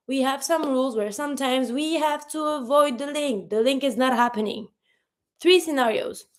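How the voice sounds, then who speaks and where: A woman, a native French speaker, teaching a pronunciation lesson in English, repeating example words slowly and patiently. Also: sits high. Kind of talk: language lesson explaining pronunciation.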